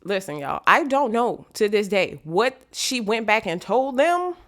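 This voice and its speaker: Woman w/ storytelling, animated, does all the voices. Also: medium pitch, measured pace. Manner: animated, acts out quotes. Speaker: vlogger.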